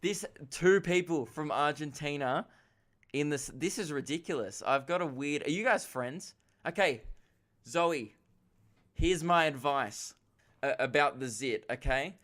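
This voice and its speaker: A man's voice: on the high side, a bit bright. An Australian man in his twenties hosting a comedy podcast, answering listener questions in a rambling, self-mocking way. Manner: rambling, self-mocking, quick asides and laughs.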